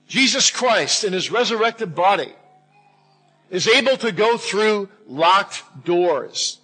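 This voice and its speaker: A male pastor delivers a sermon in a church with a bright, forceful tone and a slightly raised pitch. He speaks deliberately, lifting his voice to stress key phrases. A husky grain runs through his delivery. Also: poor audio.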